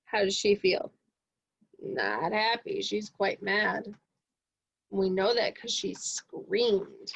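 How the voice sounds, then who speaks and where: A woman's voice: mid-range voice, lively intonation, slow pace, gravelly, long pauses, breathy edge, no echo, muffled recording. A woman teacher giving a reading lesson to young children in an encouraging tone, often asking them questions.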